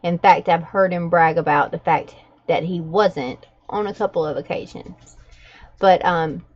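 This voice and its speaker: A woman hosting a journaling livestream from home, chatting in a relaxed, gossipy way and laughing between stories. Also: lowish voice, unhurried, highs cut off. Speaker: journaling vlogger, livestream host. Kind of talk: casual gossipy chat while journaling. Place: at home with her dogs nearby.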